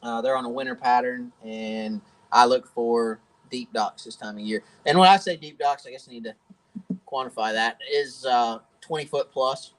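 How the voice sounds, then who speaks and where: A man's voice: mid-range voice, normal speed, rough recording. A man hosting a live-stream question and answer chat from his home workshop, folksy and talkative and laughing often. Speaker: host of a fishing channel.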